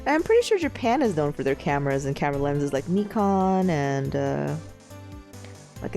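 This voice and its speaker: A woman's voice: low-pitched, mellow. Young woman musing over a game. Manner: musing, rambling, many fillers. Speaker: let's play streamer. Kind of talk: casual game commentary.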